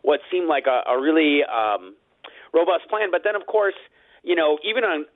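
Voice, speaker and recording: A man's voice: a little high, dry recording. A man who owns a restaurant, speaking as a radio guest with frustrated sarcasm, heard over a phone line. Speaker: restaurant owner.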